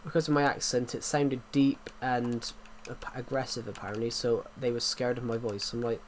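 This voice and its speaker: An English livestream host chats casually, rambling through many restarts and fillers with a sore throat. His medium-pitched voice barely moves in pitch and keeps a moderate pace, with a little hiss or hum audible.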